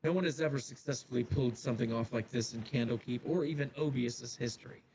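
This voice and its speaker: A man voicing a grave male headmaster who gives a solemn, measured address to his students, recorded from a distance in an echoey room with faint ambience. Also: medium pitch, a little mellow, a little hiss or hum, lightly acted.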